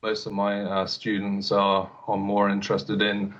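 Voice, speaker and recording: A man's voice: fairly low pitch, monotone, unhurried, fairly bright tone, muffled recording. A man, an elocution teacher, answering interview questions hesitantly, with many fillers and repeated words.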